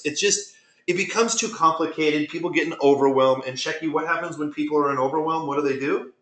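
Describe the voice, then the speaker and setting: Animated man telling business stories. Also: a little high, quick pace. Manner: animated, retells conversations with quoted dialogue. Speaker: webinar presenter. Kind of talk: storytelling business presentation. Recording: roomy echo.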